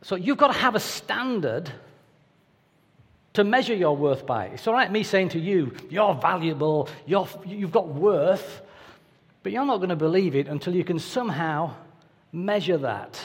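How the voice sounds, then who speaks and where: A man's voice: high voice, expressive, unhurried, breathy edge. A man preaching a sermon in a conversational, anecdotal way with playful asides. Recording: reverberant hall.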